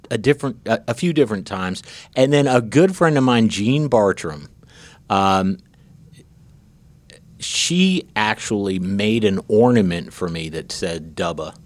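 A man's voice: fairly low pitch, no echo. A man hosting a podcast, telling stories in casual chat, with many restarts and repeated words. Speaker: podcast host.

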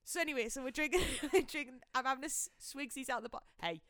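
A young woman telling a long story in casual chat, animated and giggly, swearing freely. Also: high voice, fast talker, dry recording, studio quality.

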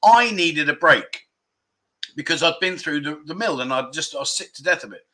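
A man's voice: fairly high pitch, animated, moderate pace, bright, forceful tone. A man from England hosting a casual livestream, rambling through self-deprecating banter and reading out viewer comments. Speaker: livestream host.

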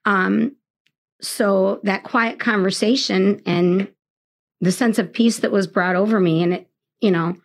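A middle-aged woman, a teacher, telling a personal faith story in a radio interview in an earnest, halting, reflective way. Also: medium pitch, fairly even intonation. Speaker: third grade teacher, guest.

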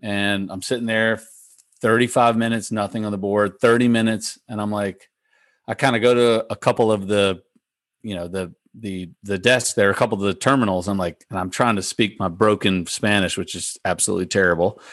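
A young man with a Southern accent telling a rambling, animated story as a guest on a casual podcast, full of restarts and fillers. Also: lowish voice, fairly quick, dry recording, studio quality. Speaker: professional golfer guest.

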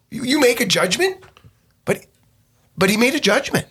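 Husky pastor chatting on radio. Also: male voice, very high-pitched, moderate pace. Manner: animated, quotes people in voices, frequent fillers. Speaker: pastor and co-host. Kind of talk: casual radio talk about a movie.

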